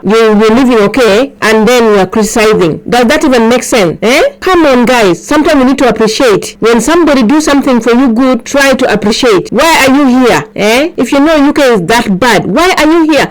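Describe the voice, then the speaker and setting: A woman's voice: fairly high pitch, poor audio. Emphatic woman ranting in a vlog. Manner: emphatic, repetitive, fires rhetorical questions. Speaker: vlogger. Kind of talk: opinion vlog rant to camera.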